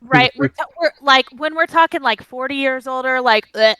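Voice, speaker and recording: A woman's voice: sits high, moderate pace, pushed and bright, clear, resonant tone, no room sound. A woman, a player, chatting at the table and filling her talk with "like". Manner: filler-heavy, "like" every few words. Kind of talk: casual table chat.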